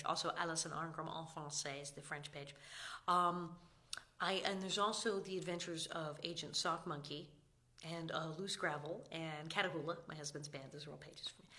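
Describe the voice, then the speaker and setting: A woman in her fifties chatting casually on a live stream, telling stories with acted-out quotes and sudden drops into whispers. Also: lowish voice. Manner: animated storyteller, acts out quotes, drops to whispers. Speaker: actress hosting a live stream.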